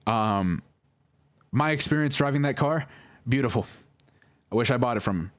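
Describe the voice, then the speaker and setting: A man's voice: mid-range voice, animated, normal speed, no echo. A young man telling a personal story in a rambling, apologetic way, full of fillers and restarts. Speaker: vlogger. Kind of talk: casual storytelling.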